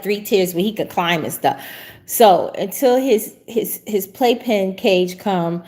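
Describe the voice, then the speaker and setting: A middle-aged woman hosting a prophetic talk show, chatting casually and laughing often. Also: medium pitch. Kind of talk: casual livestream chat.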